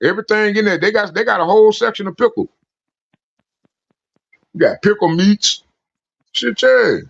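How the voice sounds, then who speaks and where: A man calling in to a stream, chatting and telling rambling stories with animated laughter. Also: sits high, normal speed, gravelly. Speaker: regular caller on a call-in stream. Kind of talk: casual chat and storytelling. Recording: muffled lo-fi call audio with fan noise.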